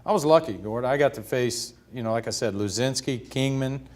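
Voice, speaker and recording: A man in his fifties, a retired pitcher, telling stories in an interview and laughing as he goes. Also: brisk. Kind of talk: storytelling in a sit-down interview.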